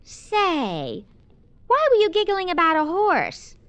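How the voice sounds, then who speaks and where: Prim, suspicious wife. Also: female voice, very high voice, wildly swooping pitch, slow pace, a bit bright, no echo, full character voice. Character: prim, suspicious wife pushing savings bonds. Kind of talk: 1950s radio ad sketch.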